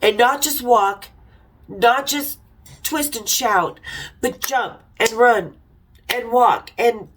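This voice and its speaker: A woman's voice: fairly high pitch, takes it slowly, long pauses, poor audio. A middle-aged woman telling frank, irreverent stories in a casual chat, now and then laughing. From Utah. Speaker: podcast host telling stories. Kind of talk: casual storytelling.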